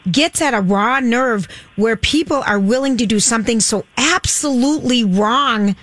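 A Minnesotan woman co-hosts a radio show with eager interjections. Her voice sits a bit high and sounds dry and close. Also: moderate pace, a bit bright, dry recording. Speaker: radio talk show co-host. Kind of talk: casual radio talk.

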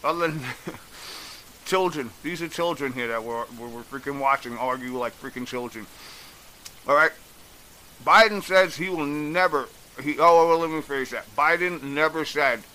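A man's voice: a little high, sharp tone, rough recording. A man giving a blunt, exasperated opinion rant, swearing freely as he recaps and criticizes. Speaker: commentator. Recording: faint hiss.

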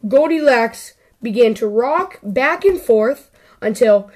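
A woman hosting a children's story show, reading a story aloud in a deliberate storytelling manner. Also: fairly high pitch, lively intonation, darkish tone. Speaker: host.

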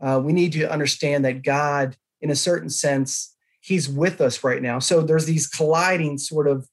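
A man as a podcast guest, telling a life story in an earnest, animated way. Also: fairly high pitch, moderate pace. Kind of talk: conversational interview.

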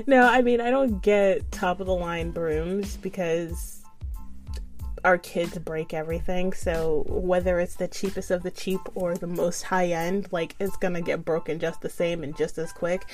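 A woman's voice: on the low side, measured pace, soft background music. A young adult woman telling a frustrated storytime, swearing freely and laughing often. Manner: profane, animated, laughs often. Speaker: vlogger. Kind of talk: casual storytime monologue.

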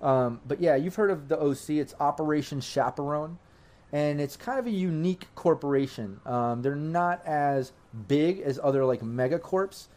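A man's voice: a little high, animated, moderate pace, a little mellow. A young man narrating a tabletop game as game master, rambling with many fillers.

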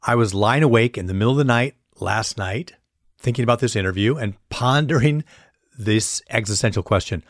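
A man's voice: mid-range voice, brisk, no room sound, studio quality. A man hosting an interview, asking questions with a wry, self-mocking tone. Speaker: interview host.

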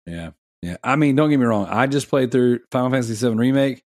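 A man's voice: mid-range voice, animated, fast, darkish tone, dry recording, studio quality. A man in his thirties hosting a casual gaming podcast, chatty and rambling, laughing often. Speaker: podcast host.

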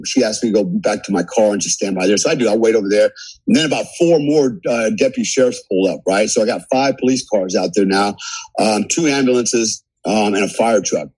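Man, podcast guest, husky voice, dry close sound, profane, animated storyteller. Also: fairly low pitch, no echo, low-quality recording. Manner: animated, profane, laughs through his story. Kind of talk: casual storytelling.

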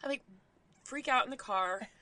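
A woman's voice: high-pitched, normal speed, pushed and bright. A woman in her thirties hosting a podcast, telling a story in casual chat and acting out the quotes with lots of laughter. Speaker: podcast host.

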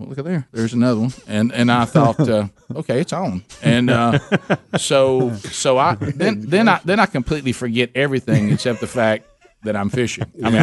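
A man's voice: mid-range voice, no room sound. A man hosting a radio talk show, telling a long story in a rambling, chuckling way, full of restarts, in a studio.

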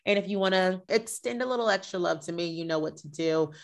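Animated woman podcast host. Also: lowish voice, quick pace, gravelly. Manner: animated, playfully shady, acts out reactions. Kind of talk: casual chat.

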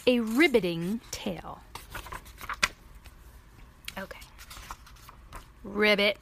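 A woman reading a picture book aloud to children, her higher voice lifting and dipping animatedly. She talks slowly and keeps a gently playful tone. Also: expressive, noisy background. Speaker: storybook reader for children.

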